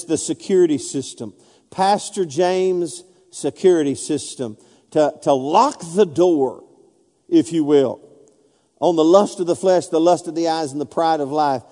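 A man preaching a sermon with emphatic drive, pushing his points and asking the congregation to answer back. His voice sits a touch high but sounds mellow and dark in tone. The sound rings out with a long hall reverb, as in a large church sanctuary. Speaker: pastor.

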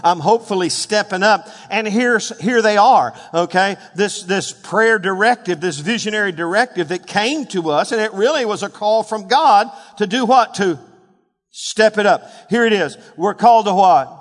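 A man in his sixties preaching a sermon as pastor, building to shouted calls and leading call-and-response with the congregation. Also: high voice, moderate pace, long reverb tail. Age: 60s. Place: church sanctuary.

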